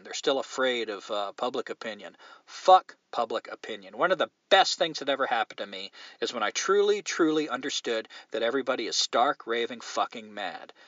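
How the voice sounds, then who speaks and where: A man's voice: medium pitch, a bit bright, no room sound. A man hosting a podcast alone, talking in a blunt, profane, opinionated way in casual conversation. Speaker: podcast host. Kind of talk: casual solo podcast rant. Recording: dull lo-fi dry sound.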